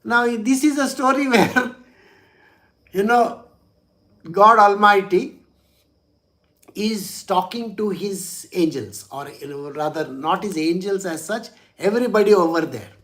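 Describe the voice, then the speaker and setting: A man's voice: high-pitched, unhurried, long pauses, a bit bright. A man, a spiritual teacher telling a religious story in a chatty way, with frequent chuckles and "you know" asides.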